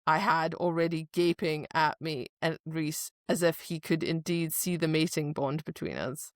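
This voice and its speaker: A woman co-hosting a casual book podcast, animated and acting out characters' lines as she retells the story. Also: deep voice, moderate pace, no echo, clean studio sound. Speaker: podcast co-host. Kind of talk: casual book-club chat.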